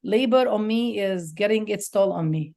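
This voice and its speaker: A woman's voice: medium pitch, moderate pace, gravelly, warm tone. A woman guest speaker at a forum, talking in an outspoken, emotional and passionate way. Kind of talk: impassioned panel talk.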